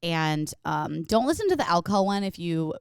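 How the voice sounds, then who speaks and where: A woman's voice: fairly low pitch, sing-song, moderate pace, creaky, clear, resonant tone, dry recording, studio quality. A young woman hosting a podcast, chatting casually in an earnest, supportive and rambling way. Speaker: podcast host. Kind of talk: casual chat.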